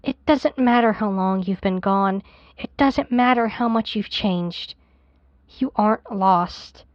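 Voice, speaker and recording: A woman's voice: medium pitch, takes it slowly, no echo, close to an everyday voice. A woman voicing a grieving mother of a missing daughter, doting and pleading by turns, on a dry, dull lo-fi clip. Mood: tender. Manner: doting, then frantic and pleading.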